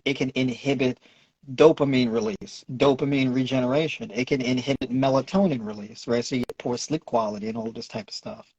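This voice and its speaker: Husky man lecturing with "right?". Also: mid-range voice, no echo, lo-fi sound. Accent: New York. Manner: lecturing, repeats "right?" to check in. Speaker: nutritionist and fitness coach, guest. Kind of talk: explaining in a podcast Q&A.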